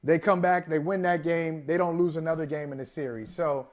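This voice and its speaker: A man co-hosting a sports talk show, telling animated stories in casual chat and laughing along with them. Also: on the high side, a little fast. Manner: animated storyteller, laughs while telling anecdotes.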